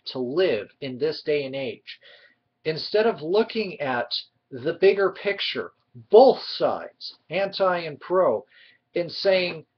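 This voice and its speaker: A man ranting in a heated, sarcastic way as a vlogger giving his opinions. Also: fairly high pitch. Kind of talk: opinionated commentary. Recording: dull lo-fi recording.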